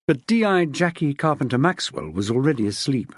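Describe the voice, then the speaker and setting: A woman narrating a crime novel in a measured, expressive reading. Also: rumbling low, husky, dry recording, clean studio sound. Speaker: audiobook narrator. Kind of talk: scripted narration.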